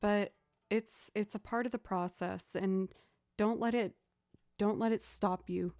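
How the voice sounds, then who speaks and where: A woman's voice: medium pitch, fairly even intonation, a little slow, darkish tone, no echo. Chatty young woman musician streaming. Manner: chatty, self-deprecating, encouraging. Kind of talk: casual live-stream chat.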